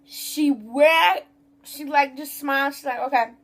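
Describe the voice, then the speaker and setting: A woman's voice: sits high, slow, a bit bright. A young woman vlogging a casual storytime rant about her job, rambling and profane, acting out customers' voices.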